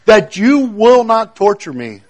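A man's voice: sits high, big pitch swings, measured pace, darkish tone, voice pushed up, full character voice. A man voicing a tormented, possessed man who cries out in anguish as he reads a scripture passage aloud. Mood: pleading. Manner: pleading, anguished.

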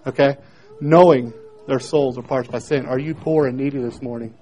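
A man preaching a sermon in a plain, homely way, dropping to quiet questions and rising loud when reading scripture. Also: medium pitch, steady tone, moderate pace, poor audio. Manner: homely, plain-spoken with repeated phrases.

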